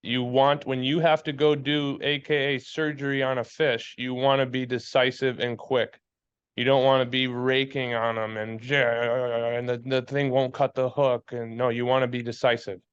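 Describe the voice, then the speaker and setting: A man's voice: mid-range voice, flat delivery, normal speed, smooth, highs cut off. A man co-hosting a fly fishing podcast in casual chat, blunt and fired up, swearing freely and preaching his point.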